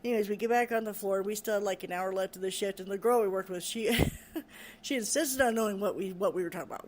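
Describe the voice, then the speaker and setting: Halting woman telling a ghost story. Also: mid-range voice, a little mellow, a little hiss or hum. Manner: halting, repeats words, nervous laughs. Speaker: care worker recounting a paranormal experience. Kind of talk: personal storytelling.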